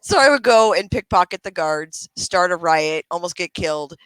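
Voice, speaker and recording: A man's voice: sits high, normal speed, clean tone, no room sound, poor audio. A man hosting a casual chat, telling gaming stories with lots of swearing and acted-out quotes. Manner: animated storyteller, swearing, acting out quotes in raised voices. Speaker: podcast host.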